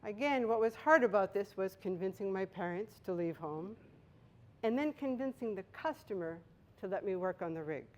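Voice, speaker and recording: A Toastmasters speaker from Boston, USA delivers a prepared speech in a mid-range, expressive voice with a darkish tone. She tells it as a story, leaning on emphatic pauses.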